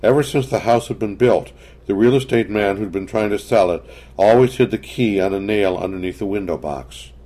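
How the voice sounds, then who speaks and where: A man narrating a story in a measured, scripted reading. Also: on the low side, warm tone.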